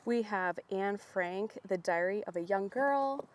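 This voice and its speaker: A young woman vlogging outdoors at little free libraries, chatting with bubbly excitement and reading book blurbs aloud. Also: mid-range voice, unhurried. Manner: bubbly, excited, laughs often.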